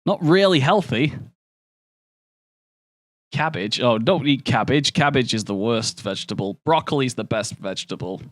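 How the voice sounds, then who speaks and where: A man's voice: mid-range voice, expressive, normal speed, pauses often, dry recording, studio quality. A young man casually commentating a game stream and chatting with viewers, swearing often and bantering.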